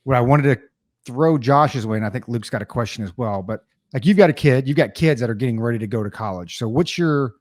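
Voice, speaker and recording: A man hosts a podcast in a relaxed, chatty way. His voice sits mid-range, recorded close and dry with no room sound. He tells stories and acts out other people's lines. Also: medium pitch, a little fast, no echo. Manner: storytelling, animated quoting of others. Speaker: podcast host. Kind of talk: casual chat.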